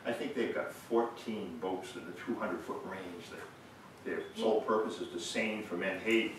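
A man's voice: low voice, moderate pace. Older man telling stories in an echoey hall. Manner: folksy storyteller who laughs at his own stories. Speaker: guest speaker. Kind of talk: storytelling talk. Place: museum lecture room. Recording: very echoey room, distant mic, faint noise.

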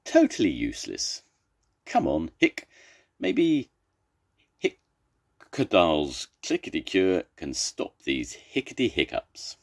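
A man's voice: low voice, huge pitch swings, slow pace, pauses often, breathy edge, heavily acted. An older man voicing a proud, fretful young male zebra who keeps hiccuping mid-sentence, in a children's storybook reading. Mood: amused.

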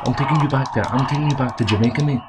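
Speaking very fast in a mid-range voice, a young Scottish man hosting a gaming channel provides rowdy, swear-filled commentary as he plays a boxing game. The let's play has loud game audio and clicking behind him.

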